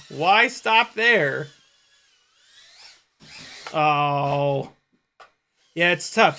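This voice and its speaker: An FPV drone pilot and streamer with a high-pitched voice chats casually while flying a drone on a live stream. He's excitable, laughing and swearing as he talks to his dog.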